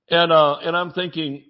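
Male pastor, slow deliberate delivery, fairly high voice, dull lo-fi sermon audio. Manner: preaching with scripture, jokes and sudden shouts.

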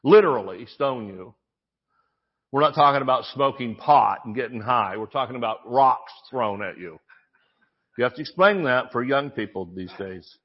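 A man preaching a sermon as pastor, conversational and joking, with frequent restarts, reading scripture slowly between asides. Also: medium pitch, animated, slightly rough, dull audio.

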